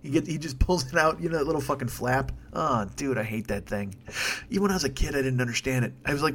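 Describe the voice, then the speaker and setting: Male solo podcaster, rapid-fire rant, sarcastic, foul-mouthed, rambling. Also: medium pitch, a bit bright, a little hiss or hum. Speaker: podcast host. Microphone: desk microphone.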